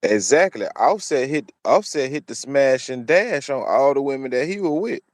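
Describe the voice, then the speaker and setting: Speaking at normal speed with an animated, medium-pitched voice, this man hosts a commentary channel and lectures his opinions, circling back to the same phrases repeatedly. The recording is dry.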